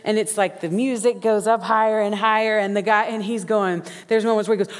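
A woman delivers a sermon in a folksy, animated way, slipping into voices for the people in her stories. Her mid-pitched voice carries a long reverb, like a big church hall. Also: normal speed, hardly any pauses. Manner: animated, folksy, acts out quotes. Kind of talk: sermon with storytelling.

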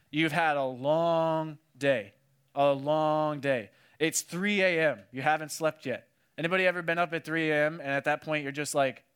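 A man preaching a casual sermon, telling the story with animated energy and acting out what people said. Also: fairly high pitch. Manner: animated storytelling, acts out quotes, many "like"s. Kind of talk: casual sermon to a youth audience.

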